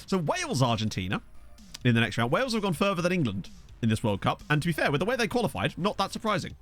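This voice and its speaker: A man's voice: on the high side, huge pitch swings, fast talker, fairly bright tone, soft background music. A young man casually commenting while streaming a football management game, thinking aloud and thanking viewers. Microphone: desk USB microphone.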